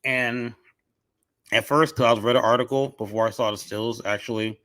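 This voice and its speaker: A male podcast guest chats casually with a cough drop in his mouth, opinionated and often restarting his sentences. His mid-range voice is fairly bright and fairly even in intonation, at normal speed with no room sound.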